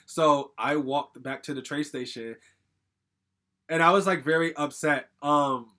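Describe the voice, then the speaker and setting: A man's voice: on the high side, fairly even intonation, unhurried, bright, forceful tone. A young man from Connecticut telling a personal story in a casual, rambling way, full of "like" fillers and casual swearing. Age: young adult. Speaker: storytime vlogger.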